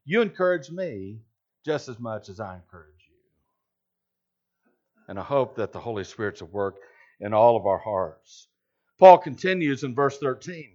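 A man's voice: medium pitch, big pitch swings, moderate pace, pauses often, darkish tone. A man preaching a sermon as a pastor, emphatic and full of rhetorical questions. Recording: slightly dull lo-fi recording.

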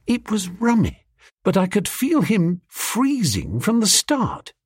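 A man narrating a comic story in first person, lively and wry. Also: sits high, takes it slowly, slightly rough, dry recording, studio quality. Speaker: audiobook narrator.

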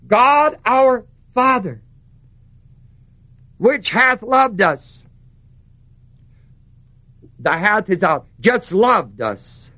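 Slow, high-voiced male preacher. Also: bright, forceful tone. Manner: emphatic, slows to stress words, asks the congregation questions. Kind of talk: sermon.

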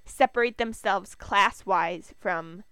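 A woman's voice: medium pitch, slow pace, pushed and bright, clean tone, no echo. Chatty Minnesotan woman podcaster. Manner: chatty, rambling, giggly. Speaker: podcast co-host. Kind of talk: casual chat.

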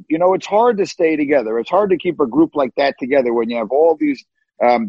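Telling sports stories as an animated podcast guest, this man has a slightly high voice with a breathy edge. He's emphatic and tends to repeat words when starting sentences, all captured in a dull, dry, lo-fi recording.

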